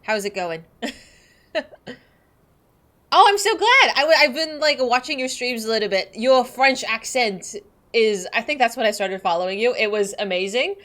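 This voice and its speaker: A woman's voice: fairly high pitch, lively intonation, moderate pace. A young woman streaming a game, chatting bubbly and giggly with her viewers. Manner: bubbly, giggly, greets chat warmly. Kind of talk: casual livestream chat.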